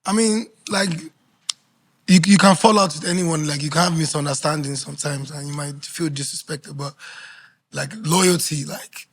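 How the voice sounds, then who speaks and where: A man's voice: a little high, fairly even intonation, moderate pace, a bit bright. A man in his thirties, a singer guest, talking in an easygoing, rambling way during casual interview chat.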